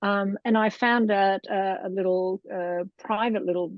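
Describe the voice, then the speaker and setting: A woman's voice: mid-range voice, steady tone, unhurried, no room sound. A middle-aged Australian woman telling her story in a casual interview, chatty and wandering, laughing often. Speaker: guest, Montessori lecturer. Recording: dull, dry lo-fi sound.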